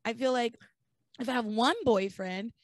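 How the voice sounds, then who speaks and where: A young woman casually recapping soap opera episodes as a podcast host, acting out the characters' lines in lowered voices. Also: moderate pace, no echo. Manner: animated storyteller acting out dialogue in lowered voices. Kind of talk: casual chat.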